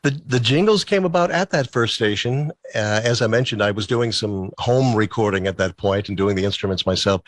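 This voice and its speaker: A man with a lowish voice tells stories at length as an interview guest. He is chatty and chuckles easily. The sound is dry and close. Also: brisk, few pauses, no room sound. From Massachusetts. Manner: talkative, chuckling storyteller. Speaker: guest, musician and former DJ. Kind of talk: casual interview storytelling.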